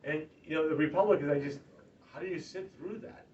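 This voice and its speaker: A man delivering an emphatic campaign stump speech, moving between loud rallying lines and quiet, earnest stretches. He sounds far from the mic, on a dull, lo-fi recording. A faint room ambience hums behind him. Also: fairly high pitch, brisk, slight background noise. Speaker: political candidate. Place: party office meeting room.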